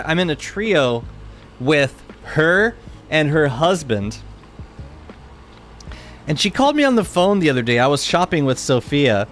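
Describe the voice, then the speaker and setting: An excitable man in his thirties chats his way through a game stream, rambling and restarting as he goes. His voice swings widely in pitch, and a soft bed of music plays faintly behind him. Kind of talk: casual live-stream chat.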